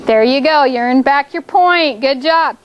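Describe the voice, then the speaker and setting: High-voiced upbeat woman teaching a class. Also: unhurried, a little hiss or hum. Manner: upbeat, coaxing, playful game framing. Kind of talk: classroom phonics lesson.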